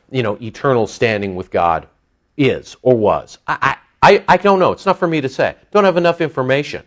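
A man preaching a sermon in an animated, conversational way, acting out the lines he quotes. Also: mid-range voice. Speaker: pastor. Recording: dull lo-fi sound.

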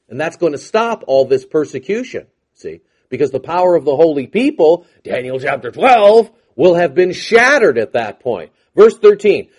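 A man's voice: mid-range voice, a little mellow, husky. A man teaching the Bible to a live group in a conversational, sarcastic way, with mocking asides.

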